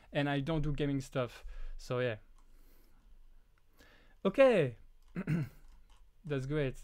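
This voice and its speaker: A man with a French accent, French as his first language, hosting a live prop-making Q&A in a halting way, with many restarts and fillers. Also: fairly high pitch. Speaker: prop-making channel host. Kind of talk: live stream Q&A chat.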